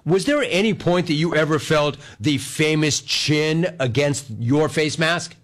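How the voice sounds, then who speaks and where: A male host with a slightly higher voice who laughs easily and talks with eager emphasis. He keeps the interview relaxed and conversational. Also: a little slow. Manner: enthusiastic, laughs often, speaks emphatically. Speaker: radio show host. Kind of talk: casual interview.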